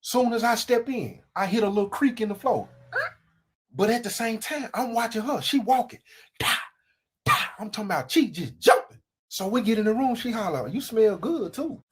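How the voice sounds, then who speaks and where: A woman telling a comic story in slangy, animated fashion, acting out voices and sound effects. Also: fairly high pitch, normal speed, breathy edge. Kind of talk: comedic storytelling.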